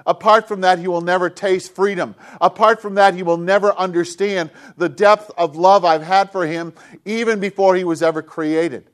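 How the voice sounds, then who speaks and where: A man preaching a sermon with passion, often sinking into a hushed, intimate voice. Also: high voice, steady tone, normal speed. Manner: impassioned, drops to hushed intimate tones. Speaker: pastor.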